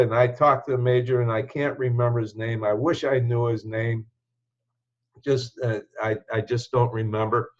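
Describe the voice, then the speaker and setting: An older American man, a show host, tells his life story in a casual, meandering way, his medium-pitched voice reflective as he restarts sentences and chuckles to himself. The recording is dull and a bit lo-fi.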